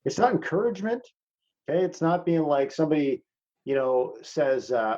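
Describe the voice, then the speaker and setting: A man's voice: fairly high pitch, expressive, normal speed, darkish tone, dull audio. A man teaching a masterclass in casual talk over a video call. He is blunt, swears freely and calls his listeners "man".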